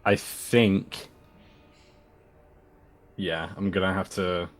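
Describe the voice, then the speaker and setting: A man's voice: low voice, fairly even intonation, extremely slow. A man playing a tabletop role-playing game, thinking aloud hesitantly with many fillers. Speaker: player.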